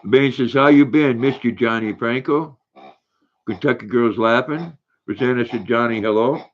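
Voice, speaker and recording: A man's voice: medium pitch, moderate pace, highs cut off. An older man hosting a casual livestream, chatting and reading viewer comments aloud while talking to his dog. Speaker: livestream host.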